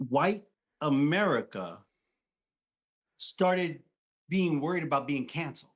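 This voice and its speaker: A Brooklyn, New York man co-hosts a casual live stream of political chat, speaking slowly with a fairly high pitch and lively intonation. Blunt and profane, he acts out what other people say, all over dull lo-fi stream audio.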